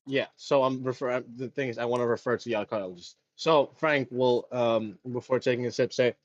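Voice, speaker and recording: A man playing a tabletop game, speaking haltingly and correcting himself. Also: mid-range voice, no echo. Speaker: player. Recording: dull dry lo-fi mic.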